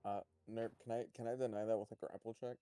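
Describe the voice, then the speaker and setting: A man playing in a tabletop game, talking in an easygoing way that often trails off quietly. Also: lowish voice, level tone, quick pace, clear, resonant tone. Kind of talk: casual game chat.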